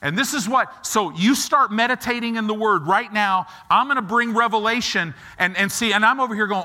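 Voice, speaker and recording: A middle-aged man with a voice that sits high preaches a sermon. He's animated and acts out God and people in quick asides as he talks.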